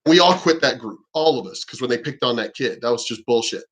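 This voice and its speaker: A man's voice: medium pitch, expressive, brisk, a bit bright. A man talking casually in a rambling monologue, emphatic and often swearing. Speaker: vlogger.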